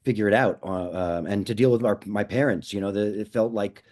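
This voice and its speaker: A man speaks as a panelist over a video call, reflecting on his own life. He talks in a halting way, restarting and repeating words. His voice is low and mellow. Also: fairly even intonation. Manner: halting, many restarts, self-joking. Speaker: panelist, podcaster. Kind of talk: personal reflection.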